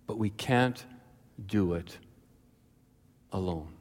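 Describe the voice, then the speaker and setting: A man preaching a sermon as pastor, telling a childhood story with lively acted-out voices. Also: slow. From British Columbia, Canada. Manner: animated storyteller, jumps to high frantic voices when acting out his childhood self. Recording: long reverb of a large hall.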